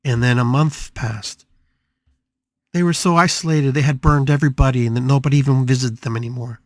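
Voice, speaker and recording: On a spiritual podcast, a man with a mid-range voice narrates a story dramatically, stressing his points and repeating phrases for effect. He speaks fairly quickly with fairly even intonation, and the studio recording is clean and dry.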